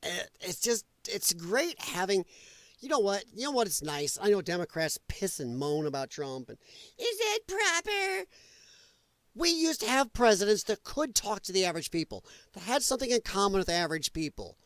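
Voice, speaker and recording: A man's voice: sits high, big pitch swings, a little fast, a bit bright, dry recording. A man hosting a casual political commentary livestream, talking to his chat, laughing a lot and fumbling while he looks for clips. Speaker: livestream host.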